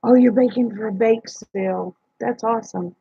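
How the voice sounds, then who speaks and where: A woman's voice: fairly high pitch, fairly even intonation, moderate pace, gravelly, warm tone, breathy edge, no room sound. A woman hosting a casual late-night livestream, chatting with viewers in a folksy, teasing way. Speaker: livestream host. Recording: dry, dull lo-fi stream audio.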